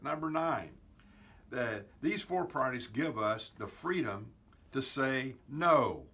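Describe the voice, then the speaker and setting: A man's voice: mid-range voice, a bit bright, husky. An older man, a pastor, giving an earnest weekly teaching talk, counting off his numbered points with emphasis.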